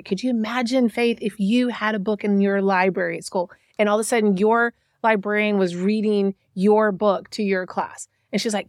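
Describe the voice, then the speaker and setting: A woman's voice: medium pitch, brisk, dry recording, studio quality. Chatty middle-aged woman telling stories. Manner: chatty storyteller, many restarts. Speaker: podcast guest. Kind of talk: casual conversation.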